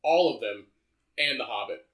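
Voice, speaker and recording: A man's voice: mid-range voice, animated, normal speed, a bit bright. A young man co-hosting a podcast, talking bluntly and profanely in casual chat. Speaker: podcast co-host.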